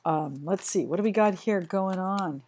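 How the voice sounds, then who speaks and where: A woman giving a casual tarot reading to viewers, talking in a chatty, halting way with frequent restarts and apologies. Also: medium pitch, darkish tone. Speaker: tarot reader.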